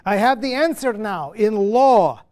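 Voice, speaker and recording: A man's voice: sits high, lively intonation, unhurried, a little mellow, no echo, studio quality, voice pushed up. A man reading out a driven, impassioned legal crusader. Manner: declamatory, impassioned recitation of a stage monologue. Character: earnest, driven male legal crusader in exile. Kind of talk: reading a play monologue aloud.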